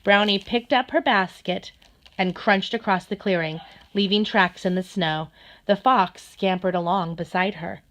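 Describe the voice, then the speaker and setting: A woman narrating a children's storybook in a gentle, steady manner. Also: mid-range voice, measured pace. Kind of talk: storybook read-aloud.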